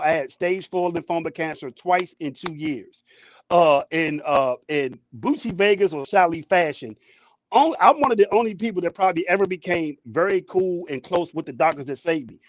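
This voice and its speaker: Excitable high-voiced man telling a story. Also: a little fast, muffled recording. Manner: excited, storytelling, repeats words. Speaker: co-host. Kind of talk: casual talk show chat. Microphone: headphones, studio mic.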